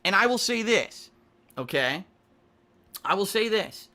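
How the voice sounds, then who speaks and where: A man's voice: high voice, animated, measured pace, pushed and bright. A man giving an emotional, indignant speech to camera as a content creator, repeating himself for emphasis.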